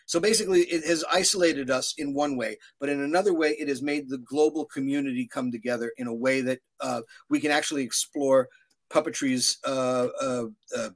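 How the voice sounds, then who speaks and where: A man in his sixties speaks as a guest in a conversational interview. His voice is middle-pitched, and he wanders through his stories with many fillers and restarts. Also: fairly bright tone. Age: 60s. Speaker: puppeteer guest.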